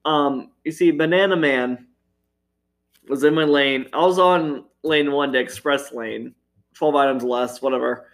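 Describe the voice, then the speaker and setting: A man's voice: medium pitch, measured pace. A man telling stories from his time as a grocery store cashier in a chatty way, laughing often and using plenty of fillers. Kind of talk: casual storytelling chat.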